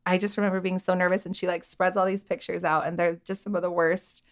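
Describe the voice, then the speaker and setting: A woman's voice: on the low side, level tone, quick pace. A woman in her thirties, a podcast guest, candidly telling a personal story in a chatty way, often quoting her own thoughts. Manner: candid, chatty, full of "like" and quoted inner thoughts.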